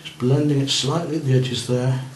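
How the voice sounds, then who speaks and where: In a roomy classroom with a little background noise, a man teaches a beginners' painting lesson. His mid-range voice keeps fairly even intonation and a normal speed as he encourages students, guides them, and checks their work while painting himself.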